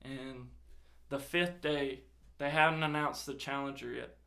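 A man's voice: medium pitch, unhurried. A young man casually telling a personal story, swearing often and acting out quoted dialogue. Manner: swears a lot, animated retelling with quoted dialogue.

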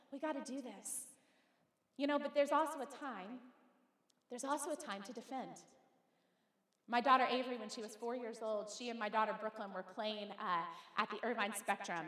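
A middle-aged woman pastor with a high voice delivers a sermon. She talks in a conversational, emphatic way, straight to the people in front of her. Her voice rings out in a church auditorium with long, roomy reverb. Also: fairly bright tone. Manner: conversational, emphatic preaching with direct address. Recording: echoey hall with long reverb.

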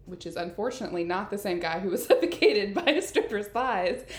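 A woman's voice: mid-range voice, expressive, brisk. A woman co-hosting a casual podcast, teasing and laughing often as she summarizes the episode. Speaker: podcast co-host. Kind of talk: casual recap chat. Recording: echoey room.

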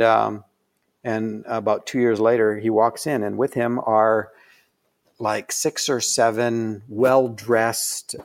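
Middle aged guy w a gravelly voice, rambles, lots of ums and restarts. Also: fairly low pitch. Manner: rambling with frequent fillers and restarts. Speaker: guest. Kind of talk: conversational storytelling.

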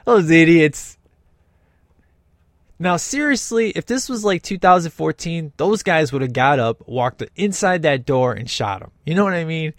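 A man giving casual, excited commentary while watching a film, often acting out the characters. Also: on the high side, a little slow, no echo, studio quality. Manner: excited, enthusiastic, imitates characters. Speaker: host reacting to a film.

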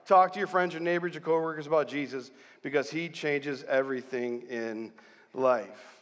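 A middle-aged man from central New York preaching a sermon as pastor, telling stories in an animated way and rallying the congregation. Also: a little high, moderate pace. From central New York, USA. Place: large church hall. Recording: long hall reverb.

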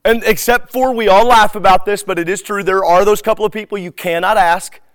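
A man teaching a live group in a relaxed, conversational way. He acts out bits of everyday dialogue as he tells his stories. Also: high-pitched, fairly quick, clean tone, dry recording, studio quality. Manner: animated storyteller who acts out dialogue.

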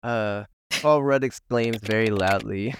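A man's voice: lowish voice, takes it slowly, slight background noise. Amused man reading story lines aloud. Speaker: podcast co-host. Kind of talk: improvised story game, casual chat.

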